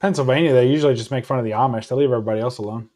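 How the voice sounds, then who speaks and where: A man's voice: mid-range voice, very fast, darkish tone. A man in a casual livestream chat, joking and teasing the others.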